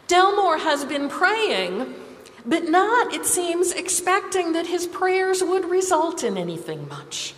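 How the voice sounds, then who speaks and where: A woman preaching a sermon, telling stories in a measured, expressive way. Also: extremely high pitch, a little hiss or hum. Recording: reverberant hall with faint ambience.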